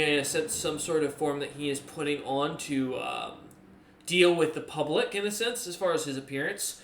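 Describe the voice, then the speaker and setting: Bright-voiced man narrating a tabletop game. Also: a little high, roomy sound. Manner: rambling, many fillers and self-corrections. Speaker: game master.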